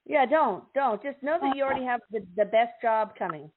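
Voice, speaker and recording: An older woman hosts a call-in radio show, chatty and upbeat as she greets callers. Her voice sits fairly high. The sound is thin and tinny, like a phone line. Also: expressive, fairly quick. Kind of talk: casual call-in chat.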